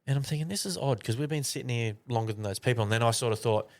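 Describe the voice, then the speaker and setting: A man's voice: medium pitch, racing. A man, co-hosting a podcast and telling a long, casual story full of swearing. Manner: swears a lot, acts out voices in anecdotes. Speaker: podcast co-host.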